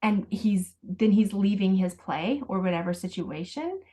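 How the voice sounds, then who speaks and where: A woman's voice: mid-range voice, animated, measured pace, warm tone. A woman parenting coach on a video call, patiently explaining step by step and acting out sample phrases.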